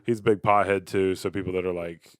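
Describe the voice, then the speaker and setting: A man's voice: low-pitched, quick pace, smooth, no echo, clean studio sound. A man co-hosting a podcast, chatting casually and acting out funny scenes. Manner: animated storyteller who acts out scenes. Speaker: podcast co-host.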